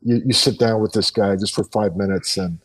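A man's voice: on the low side, fairly even intonation, fairly quick, far from the mic, a crowd in the background, low-quality recording. A middle-aged man, a retired hockey player, talking earnestly in a casual interview, with many fillers and restarts.

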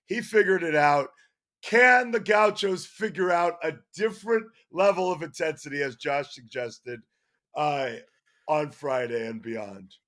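A middle-aged man, the host's father, telling a lively anecdote on a podcast. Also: on the high side, moderate pace. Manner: animated anecdotal storyteller. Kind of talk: storytelling on a podcast.

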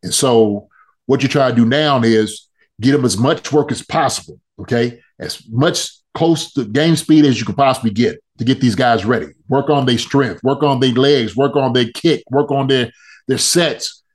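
A man's voice: medium pitch, moderate pace. Joking man talking football. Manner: loose, joking, repeats phrases for emphasis. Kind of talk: casual sports podcast chat.

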